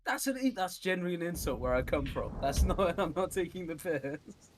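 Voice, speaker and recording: A man's voice: high voice, sing-song, brisk, background noise. A man in casual, sweary banter on a game stream, joking and laughing a lot. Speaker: streamer's guest co-commentator.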